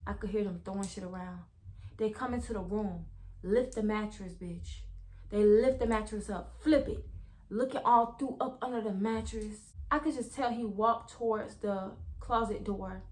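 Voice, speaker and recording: A young woman, casually telling viewers a story in a vlog, animated, full of slang and swearing. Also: medium pitch, moderate pace. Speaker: vlogger.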